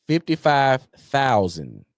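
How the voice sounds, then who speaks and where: Emphatic podcast guy, mid pitch, dry sound. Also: takes it slowly, dry recording. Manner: animated, emphatic, repeats points for effect. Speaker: podcast co-host. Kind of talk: casual chat.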